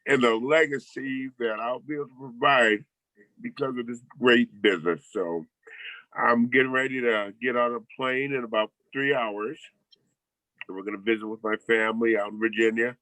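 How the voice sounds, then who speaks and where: A man's voice: mid-range voice, steady tone, moderate pace, pushed and bright, no room sound, low-quality recording. An older man on a video call sharing what he is thankful for, emotional and a little choked up. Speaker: call participant. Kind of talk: heartfelt casual sharing.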